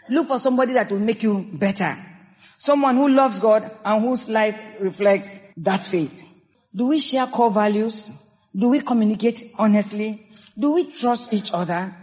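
A woman pastor with a Nigerian accent preaching a sermon, emphatic and lively, acting out quoted people. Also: fairly high pitch. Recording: dull sound with long hall reverb.

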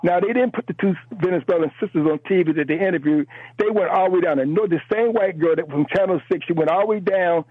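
A man's voice: sits high, fast, husky, no echo. A man calling in to a radio talk show, speaking with fervor, stammering and restarting while he repeats words and adds "man" and "you know". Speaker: radio call-in caller. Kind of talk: impassioned call-in commentary. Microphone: telephone. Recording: phone line into a radio show.

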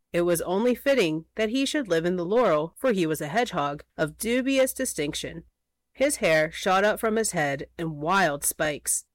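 A woman narrating a children's storybook aloud in an expressive, playful way. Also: mid-range voice, no echo.

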